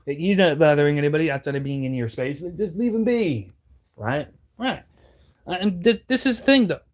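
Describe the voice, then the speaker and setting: A man giving casual reaction commentary, rambling and heated, stumbling over restarts. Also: medium pitch. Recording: dull lo-fi audio.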